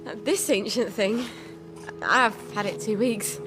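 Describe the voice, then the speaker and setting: A woman's voice: mid-range voice, measured pace, natural voice. Sally, a woman playing a scheming young woman. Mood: coaxing. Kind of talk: video game dialogue. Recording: game audio with music bed.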